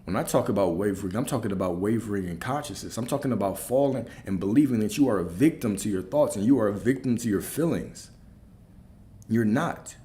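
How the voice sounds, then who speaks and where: Male spiritual coach, low mellow voice, emphatic preaching with repeated lines and rhetorical questions. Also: animated, fairly quick.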